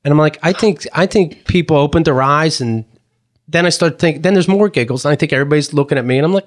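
A man's voice: fairly high pitch, quick pace. A man casually telling a story in a podcast chat, swearing a lot and acting out what others said. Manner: animated, swearing, acts out quotes.

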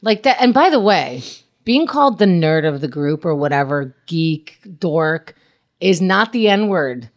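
A woman's voice: sits low, expressive, measured pace. A woman co-hosting a casual talk show, making wry remarks and reading viewer comments. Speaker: co-host.

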